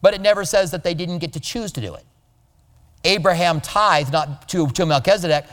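A male pastor giving a conversational sermon, animated and now and then mimicking other people's voices. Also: on the high side, moderate pace, big-room sound.

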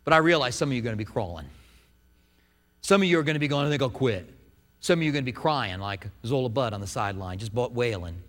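A man's voice: medium pitch, quick pace, a bit bright. Man preaching in a reverberant church. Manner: earnest, conversational preaching with restarts. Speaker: pastor. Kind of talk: sermon. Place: church sanctuary.

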